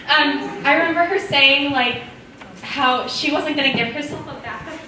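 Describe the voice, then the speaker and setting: A woman's voice: sits high, normal speed. A teenage girl giving a rambling, emotional farewell speech as a graduating senior, laughing and close to tears. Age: teens. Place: large school hall or auditorium. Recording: echoey distant hall mic with loud crowd and noise.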